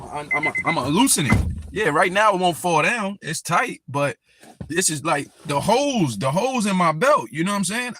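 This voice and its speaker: A man's voice: on the high side, heavy background noise. A man hosting a live stream, ranting angrily and speaking straight at the person he criticizes. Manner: angry ranting, addresses his target directly. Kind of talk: heated live stream commentary.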